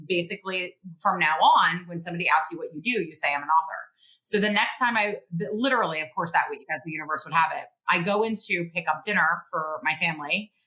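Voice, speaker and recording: Woman, middle-aged, bright, somewhat low voice, animated storyteller, podcast guest. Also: rough recording. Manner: animated, laughing storyteller, acts out quotes. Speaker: guest author and publisher.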